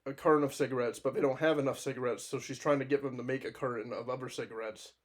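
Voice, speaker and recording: A man co-hosting a podcast, telling a wild anecdote in casual chat, animated and profane, laughing often. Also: medium pitch, fast. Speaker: podcast co-host.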